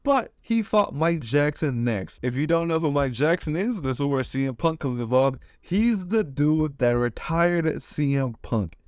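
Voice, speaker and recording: A man's voice: fairly high pitch, darkish tone, clean tone, dry recording. A man giving fight predictions, talking slangy and rambling, swearing a lot and restarting his sentences. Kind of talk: casual chat.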